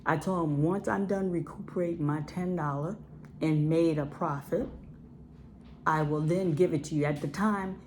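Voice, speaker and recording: A woman's voice: sits low, normal speed, darkish tone, a little hiss or hum. A woman filmmaker from Ohio speaking bluntly and emphatically to her viewers, repeating words for stress. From Ohio, USA. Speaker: independent filmmaker. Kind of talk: casual direct-to-camera talk.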